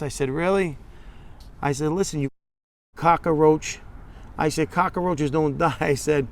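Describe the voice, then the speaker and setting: A man's voice: a little high, moderate pace, slight background noise. A man in a documentary interview, bluntly telling a story and acting out both sides of phone calls.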